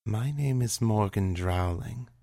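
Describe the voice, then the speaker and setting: A man reading the part of a sultry, teasing female medical examiner in a story, slow and suggestive. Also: lowish voice, gravelly, mellow, no echo. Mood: seductive. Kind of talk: audiobook reading of a serial story.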